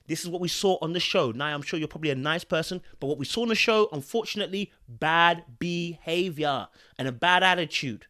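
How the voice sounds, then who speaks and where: A man's voice: a little high, lively intonation, brisk, hardly any pauses, pushed and bright. A man hosting a podcast, giving his opinions in a preachy, emphatic way, mixing in slang and checking in with the listener often. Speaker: podcast host.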